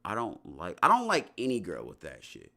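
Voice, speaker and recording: A young man talks casually to his livestream chat. His voice sits fairly low but keeps leaping up and down with animated energy. He rambles in loose slang, restarting sentences as he goes. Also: normal speed.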